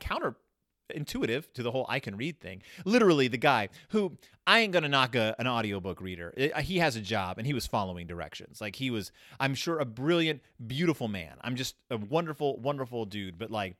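In a studio-quality recording with no room sound, a man reviews a children's book on his podcast. He's casual, rambling and sarcastic, and his pitch and loudness swing around animatedly.

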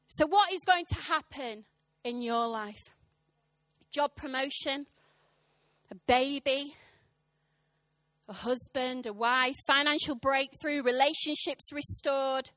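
A woman in her thirties preaching a sermon, telling a funny story with animated, impassioned, punchy delivery to a church congregation. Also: sits high, takes it slowly, long pauses, dry recording. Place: church service.

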